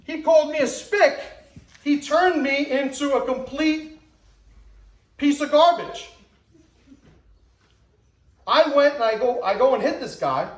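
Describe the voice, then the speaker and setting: Emphatic high-voiced man in his forties. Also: expressive, slow pace, long pauses, roomy sound, poor audio. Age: 40s. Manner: emphatic, acts out scenes with rising pitch and shouts. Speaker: motivational speaker. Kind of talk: motivational talk to an audience.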